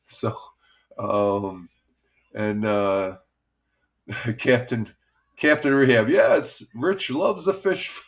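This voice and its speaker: A middle-aged man with a cold hosts a casual morning live stream from home, sitting by a window and reading viewer comments. He rambles with lots of fillers and small laughs, in a mid-range, slightly bright voice.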